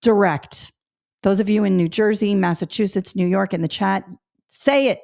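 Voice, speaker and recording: A woman's voice: medium pitch, fairly even intonation, moderate pace, gravelly, warm tone. A woman from the Northeastern US teaching a live test prep webinar, talking bluntly and directly with chatty asides to her viewers.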